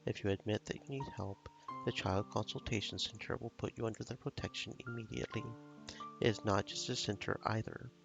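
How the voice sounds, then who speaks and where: A man's voice: on the low side, fairly even intonation, a little fast, gravelly, over music. A man voicing an eager, determined teenage boy, urgent and reassuring.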